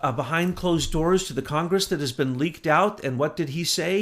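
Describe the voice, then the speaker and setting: Impassioned man with loud bursts. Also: a little high, normal speed, hardly any pauses. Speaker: co-host. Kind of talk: political commentary.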